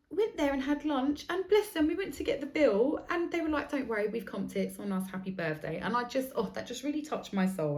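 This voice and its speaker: A woman, hosting a podcast and telling stories in a chatty way that is full of swearing. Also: medium pitch. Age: 40s. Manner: chatty, swears freely, acts out other people's lines. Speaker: podcast host. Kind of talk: casual storytelling monologue.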